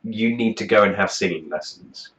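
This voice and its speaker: A man's voice: fairly low pitch, moderate pace, fairly bright tone, dull audio. A man delivering a profane comedic rant as a music review host, swearing constantly in a mocking, exasperated way.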